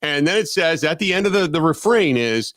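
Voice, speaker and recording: A man's voice: a little high, lively intonation, a little fast, a bit bright, no echo, clean studio sound. A man hosting a sports talk radio show, blunt and rambling, with frequent restarts.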